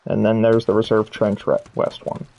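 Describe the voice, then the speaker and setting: A man's voice: on the low side, completely flat delivery, normal speed, vocal fry, mellow. A man streaming a video game, reading items aloud and muttering to himself as he explores. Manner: muttering item names to himself while exploring. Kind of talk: casual gameplay commentary.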